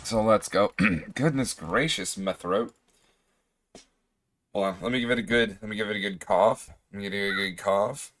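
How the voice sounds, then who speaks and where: A man with a hoarse voice, chatting casually while he streams a game, rambling and often clearing his throat. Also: lowish voice, moderate pace, long pauses, a bit bright. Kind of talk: casual livestream chat.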